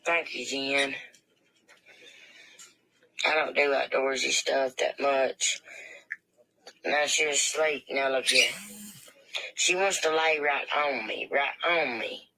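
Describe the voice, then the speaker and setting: Over poor audio, a livestreamer with a gravelly, mid-range voice takes his time, leaving long pauses, and his tone comes across pushed and bright. Plain-spoken and using colloquial grammar, he reads out comments from viewers and thanks them in a casual chat.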